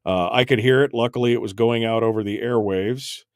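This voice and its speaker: A man's voice: mid-range voice, fairly even intonation, fairly quick, no echo. A male talk radio host speaking live on air, rambling and flustered as he fixes failing studio gear, with many restarts.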